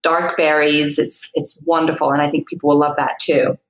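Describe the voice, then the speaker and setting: A woman's voice: low-pitched, level tone, normal speed. A woman guest on a podcast, talking enthusiastically in a casual interview. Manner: enthusiastic, warm praise for food. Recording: echoey room.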